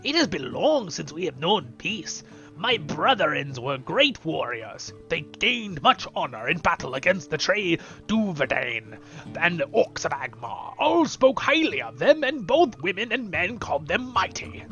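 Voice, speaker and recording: A man's voice: fairly high pitch, sing-song, measured pace, vocal fry, bright, forceful tone, dull audio, faint music behind, pitched above the performer's own voice, exaggerated voice. A man voicing a grieving, vengeful male warrior from a game, grave and bitter.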